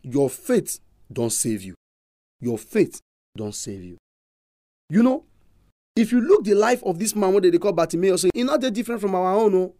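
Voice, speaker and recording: High-voiced Nigerian pastor preaching. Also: male voice, sing-song, normal speed, long pauses, warm tone, dry recording, clean studio sound. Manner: emphatic, repetitive storytelling. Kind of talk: preaching sermon in Pidgin.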